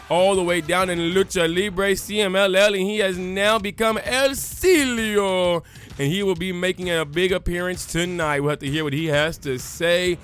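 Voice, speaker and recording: A man's voice: high voice, fairly bright tone. A man giving casual, joking let's-play commentary and acting out crowd chants as he tells the story. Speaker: gaming YouTuber. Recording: faint music underneath.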